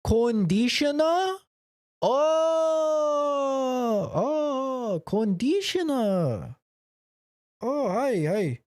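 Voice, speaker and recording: A bewildered male shop clerk with a Japanese accent, as a man puts him on yelps each word back in a squeaky voice. The pitch shoots up high and swoops wildly, sounding confused and excitable. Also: drawn-out words, dry recording, clean studio sound, full character voice. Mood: baffled. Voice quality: squeaky, exclamatory.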